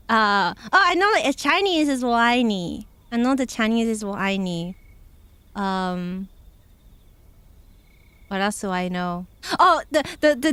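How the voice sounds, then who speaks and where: A young woman streamer talks to her chat in an easy, wandering way, stopping often for fillers and giggles. Her voice sits a little high and smooth, and her speech is slow. The sound is dry and close, as from a desk mic. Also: very animated, a bit bright, no echo. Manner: giggly, rambling, many fillers. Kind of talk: casual chat with chat.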